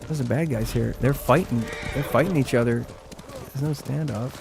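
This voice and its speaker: Background noise surrounds this gravelly, medium-pitched streamer as he talks at a normal pace. He chats loosely through his live gameplay, rambling on and filling his sentences with "like."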